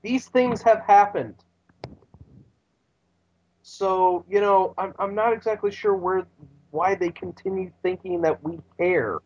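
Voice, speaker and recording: Halting man in a casual podcast chat. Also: sits high, muffled recording. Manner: rambling, halting, tries bad accent impressions. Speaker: podcast co-host. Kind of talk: casual wrestling recap chat.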